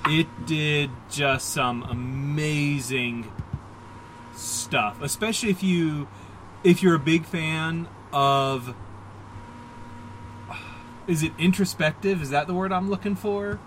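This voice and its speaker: A somewhat high-voiced man chatting on a podcast, rambling through his thoughts with plenty of fillers and self-deprecating asides. A faint hum sits under his voice. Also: slow pace, long pauses, low-quality recording. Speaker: podcast co-host. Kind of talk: casual comic book discussion.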